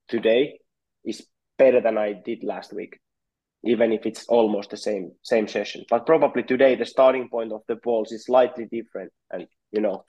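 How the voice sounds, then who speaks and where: A man's voice: on the low side, dark tone, lo-fi sound. A man from Finland, a native Finnish speaker, answering interview questions as a goalkeeping coach in a thoughtful way, often repeating words as he searches for phrasing. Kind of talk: podcast interview.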